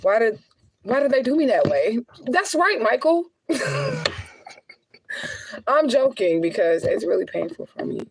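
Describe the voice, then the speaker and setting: A woman's voice: on the high side, big pitch swings, measured pace, long pauses, a little hiss or hum. A woman talking casually to her viewers in a blunt, profane, chatty way, often laughing between heavier remarks. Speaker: spiritual adviser and vlogger.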